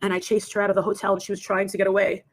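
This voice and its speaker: A woman's voice: mid-range voice, completely flat delivery, rapid-fire. Rambling woman telling a story. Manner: rambling, acts out quoted voices. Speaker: livestream host telling a story. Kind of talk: casual storytelling.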